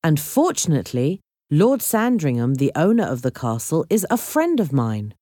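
A woman narrator voicing a calm older man, a museum director in a storybook, speaking in a measured, kindly way. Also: deep voice, dry recording, studio quality.

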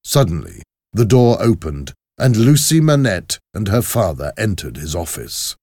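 A man narrating a classic story aloud with a measured, expressive reading. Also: deep voice, breathy edge, no echo, studio quality.

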